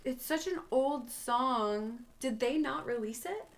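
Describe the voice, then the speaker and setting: A woman's voice: high-pitched, lively intonation, slow pace. A woman chatting casually on a livestream, blunt and frank, swearing now and then. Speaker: band member on a fan Q&A stream.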